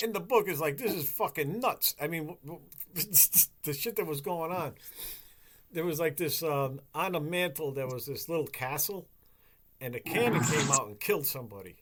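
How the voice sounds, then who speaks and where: A man's voice: on the high side, moderate pace, crowd noise. A man chatting casually on a podcast, rambling and swearing as he retells stories. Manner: rambling, profane, animated storytelling. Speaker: podcast host. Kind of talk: casual chat.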